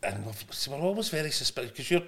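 A Glaswegian man hosting a casual chat, full of banter and quick asides. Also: medium pitch, very animated, fairly bright tone. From Glasgow. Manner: banter, lots of aye and laughing asides. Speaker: podcast host.

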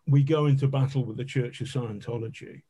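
A man's voice: medium pitch, fairly even intonation, a little fast, dark tone, breathy edge. Swearing, self-mocking male journalist. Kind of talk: conversational anecdote.

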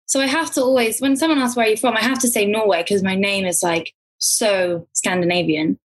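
A woman's voice: mid-range voice, fairly even intonation, a little fast, slightly rough. A woman actor who grew up in Glasgow and now sounds English, chatting casually in an interview, laughing often and trailing off into restarts. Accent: English, neutral. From Scotland, grew up in Glasgow. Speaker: actor, guest.

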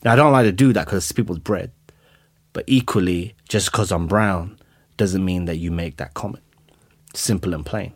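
A man chatting on a podcast, telling lively stories, swearing freely and acting out what people said. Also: sits low, normal speed, husky, no echo, clean studio sound. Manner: animated storyteller, swears freely, acts out quotes. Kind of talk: casual chat.

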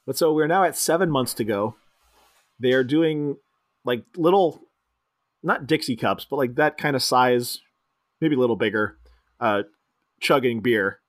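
A man co-hosting a casual movie chat, retelling scenes and jumping into squeaky impressions of the characters, often laughing. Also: a little slow, pauses often. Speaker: podcast co-host.

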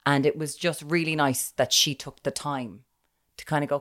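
A woman's voice: low-pitched, fairly even intonation, moderate pace, a bit bright. A woman with an Irish accent co-hosting a podcast, telling stories in a wry, self-mocking casual chat. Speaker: podcast co-host.

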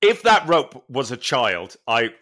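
A man's voice: medium pitch, takes it slowly. A man co-hosting a podcast, telling a story in a casual chat, full of swearing and laughter. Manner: animated, swearing storyteller who laughs often. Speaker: podcast co-host.

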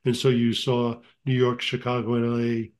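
A man's voice: mid-range voice, monotone, moderate pace, a little mellow. A man who works in production, a guest on a podcast, explaining things plainly. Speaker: production company head, guest. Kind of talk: casual interview chat.

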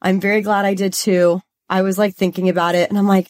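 A woman's voice: mid-range voice, little pitch movement, quick pace, a little mellow. A young woman from Los Angeles co-hosting a podcast, talking in a bubbly, chatty way and saying "like" a lot. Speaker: podcast co-host. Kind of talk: casual chat.

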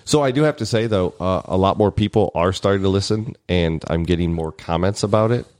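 A man's voice: low voice, brisk, darkish tone, dry recording, clean studio sound. A young adult man co-hosting a podcast in casual banter, joking and rambling, laughing often. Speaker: podcast co-host.

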